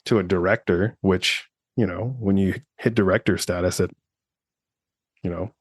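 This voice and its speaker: A man's voice: low-pitched, steady tone, moderate pace, slightly rough, no echo, studio quality. A man in his thirties co-hosting a podcast, chatting casually, rambling with lots of fillers and swearing freely. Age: 30s. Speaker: podcast co-host. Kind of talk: casual chat.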